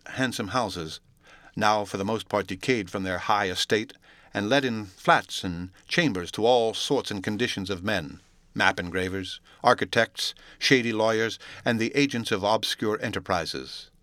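Crisp, low-voiced male story narrator. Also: moderate pace, fairly bright tone, no room sound. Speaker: audiobook narrator. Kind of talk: classic novel read aloud.

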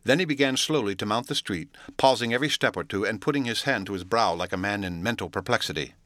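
A man narrates a classic novel in a steady, measured, formal reading. His voice is on the low side with a sharp, forceful edge, and the recording is dry and close with no room sound. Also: no room sound. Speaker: audiobook narrator. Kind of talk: classic novel read aloud.

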